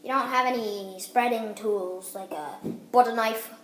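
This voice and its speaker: A woman's voice: a little high, unhurried, roomy sound. A woman giving a goofy, rambling casual how-to vlog, cutting herself off with silly asides. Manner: goofy, rambling, self-interrupting. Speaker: vlogger demonstrating a snack.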